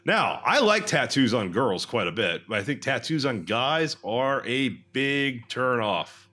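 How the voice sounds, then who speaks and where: Young male podcast co-host, blunt and boastful, bright tone. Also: mid-range voice, sing-song, measured pace. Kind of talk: casual comedic chat.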